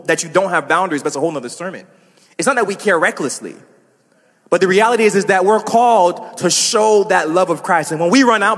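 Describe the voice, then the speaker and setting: A man's voice: high voice, a bit bright, long reverb tail. A man preaching a sermon as a pastor, talking casually to the congregation with asides and laughs.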